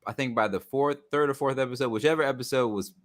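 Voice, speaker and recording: A man's voice: mid-range voice, fast, no echo, studio quality. A man co-hosting a casual sports podcast, joking and riffing with lots of restarts. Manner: animated, jokey, lots of restarts. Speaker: podcast co-host.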